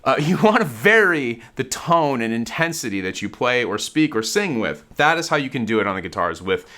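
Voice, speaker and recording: A man's voice: medium pitch, very animated, normal speed, pushed and bright. A man hosting a casual guitar lesson, explaining in a conversational way while demonstrating on his guitar. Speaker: guitar teacher and channel host.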